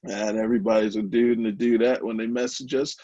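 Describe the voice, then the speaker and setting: A man's voice: lowish voice, fairly even intonation, fast, dark tone, no echo, dull audio. A man, founder of a small company, talking candidly in an interview, open and emotional, with many fillers and restarts. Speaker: brownie company founder, guest.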